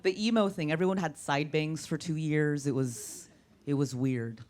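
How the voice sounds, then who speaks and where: A deep-voiced female comedian from Orange County doing playful, self-deprecating crowd work on a comedy club stage with a handheld mic. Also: moderate pace, a little mellow. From Orange County, California. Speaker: stand-up comedian. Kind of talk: stand-up comedy set. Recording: live club with audience noise.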